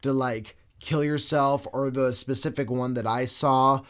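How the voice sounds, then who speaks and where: Man, podcast co-host, casual chat, mid-range voice, animated storyteller, curses freely. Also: medium pitch, a little slow.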